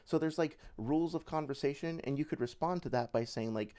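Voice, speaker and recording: A man's voice: on the high side, a little fast, mellow. A young man giving casual livestream commentary as a debate reviewer, rambling with many fillers and restarts.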